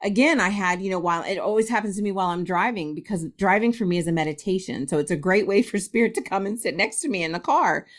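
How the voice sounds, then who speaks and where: A woman's voice: medium pitch, lively intonation, quick pace, few pauses. A middle-aged woman from Ohio, a guest medium, telling a story in a casual interview, laughing often and acting out quotes.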